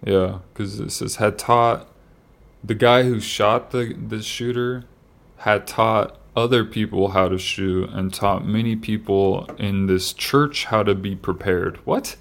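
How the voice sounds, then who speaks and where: A man with a very low, gravelly voice co-hosts a casual podcast. He reads news items aloud and comments on them, stumbling over his words and restarting often. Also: fairly even intonation. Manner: halting, with many fillers and restarts. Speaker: podcast co-host. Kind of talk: casual chat reading news stories.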